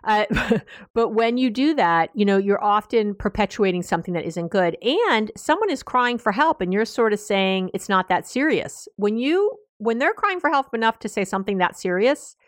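An American woman therapist hosting a podcast, giving animated casual advice, laughing and restarting her sentences. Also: medium pitch, normal speed, no echo, clean studio sound. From United States.

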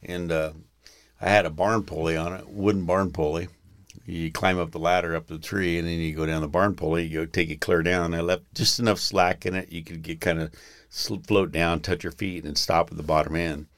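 A man's voice: low voice, fairly even intonation, a little fast, a bit bright, no echo. A man telling rambling stories in a casual podcast chat, often breaking into laughter at his own tales.

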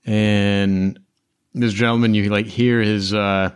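A man's voice: fairly low pitch, flat delivery, slow, smooth. A man narrating a tabletop game as game master, casual and loose.

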